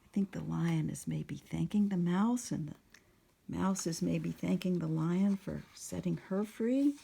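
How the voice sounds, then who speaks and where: Lady doing storytime, super slow and soft, gravelly husky voice, lots of whispering. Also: fairly low pitch. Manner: soft, often sliding into a whisper; asks the listener questions. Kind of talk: storytime picture book narration.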